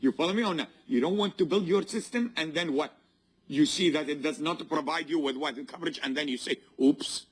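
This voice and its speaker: A male professor with a fairly high, husky voice lectures at a fairly quick pace in a lecture hall. He keeps prompting students to supply answers and checking that they understand.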